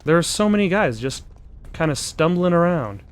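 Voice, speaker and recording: A man's voice: on the high side, very animated, normal speed, smooth. A young man, out of breath, rambling through casual gameplay commentary with many ums and uhs. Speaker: let's play host.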